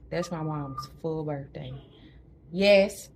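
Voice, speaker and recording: A woman with a low voice tells her birth story in a hospital room. She is chatty, laughs often and sometimes drops to a near whisper. Faint room noise hums behind her. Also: steady tone, measured pace, darkish tone. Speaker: new mother recounting a birth. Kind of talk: casual storytelling to camera.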